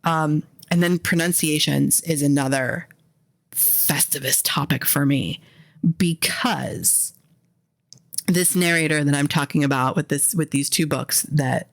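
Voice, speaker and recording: American woman host, casual profane rant, slight fry in the voice, dry close sound, mid pitch. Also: normal speed, no echo. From American, Philadelphia area. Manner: profane, animated, self-interrupting. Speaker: indie author and podcast host. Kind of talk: casual ranting monologue.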